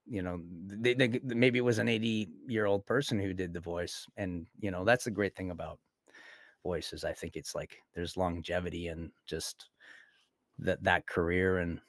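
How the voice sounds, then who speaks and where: A man's voice: deep voice, steady tone, a little slow, no echo, clean studio sound. A middle-aged man, a voice actor, chatting playfully in an interview, laughing often and slipping into goofy voices for quotes. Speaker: guest voice actor. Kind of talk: casual interview chat.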